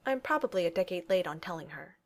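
A woman's voice: lowish voice, expressive, quick pace. A woman reading the lines of a snarky, confident male billionaire inventor in a fan fiction audiobook, wisecracking and flippant. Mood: wry.

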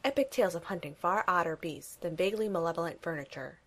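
A woman reading a fan fiction story aloud in a wry, even storytelling manner. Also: on the low side, quick pace. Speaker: reader.

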